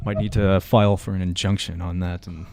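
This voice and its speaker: A man's voice: low voice, level tone, fairly quick, creaky, a little mellow, no echo. A young man hosting a college radio metal show, chatting casually in a rambling, self-mocking way. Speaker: radio host.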